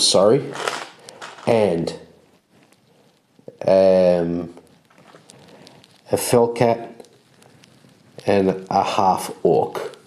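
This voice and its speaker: A man with a lowish, mellow voice narrates a solo tabletop role-playing game as its game master. He tells the story slowly and loosely, restarting often, and the recording has a roomy echo.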